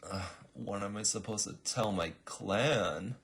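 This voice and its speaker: A man voicing an entitled female assassin who complains loudly and indignantly. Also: lowish voice, takes it slowly, vocal fry, slightly rough, pitched above the performer's own voice, heavily acted.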